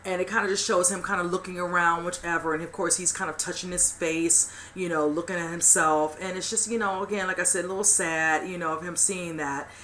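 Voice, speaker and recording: Her fairly low voice has a sharp tone and fairly even intonation, and she goes briskly with hardly any pauses. Hosting a casual TV recap, she rambles through the episode using lots of "you know" and "whichever," over a faint hiss or hum.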